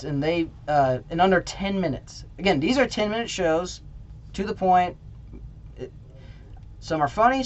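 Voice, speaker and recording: A man's voice: high-pitched, a little hiss or hum. A young man casually reviewing a student play, rambling and correcting himself as he goes. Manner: rambling, self-correcting, animated. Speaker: theater reviewer. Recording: dull lo-fi sound.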